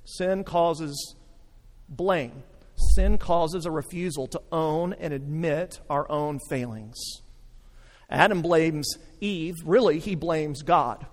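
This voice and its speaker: A pastor preaching a sermon, animated and acting out the voices he quotes. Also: on the high side, slow. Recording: reverberant hall.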